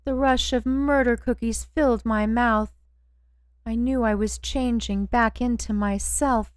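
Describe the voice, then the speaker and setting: A woman narrating a first-person audiobook in a slow, measured way. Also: fairly high pitch, steady tone, dry recording.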